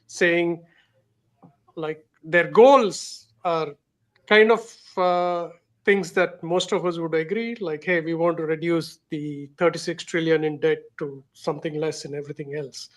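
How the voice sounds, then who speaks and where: A man hosting a casual tech and business chat, speaking in a measured, thoughtful way. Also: fairly high pitch, steady tone. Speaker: host.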